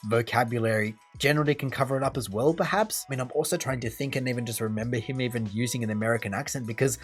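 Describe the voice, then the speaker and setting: Quick-talking Australian man musing. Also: medium pitch, faint music behind. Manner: musing, thinks aloud in long run-on sentences. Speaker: reaction video host. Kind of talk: casual commentary.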